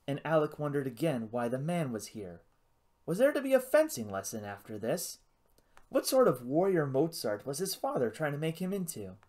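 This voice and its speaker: A man narrating an adventure novel as an audiobook. His reading is dramatic and expressive. His pitch swings widely as he tells the story. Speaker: audiobook reader.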